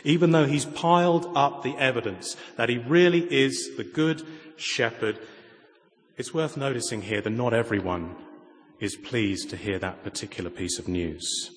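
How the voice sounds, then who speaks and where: A man preaching a sermon, moving from raised, emphatic lines to quiet, intimate asides and pointed rhetorical questions. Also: medium pitch, normal speed. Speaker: pastor. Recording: long reverb of a large hall.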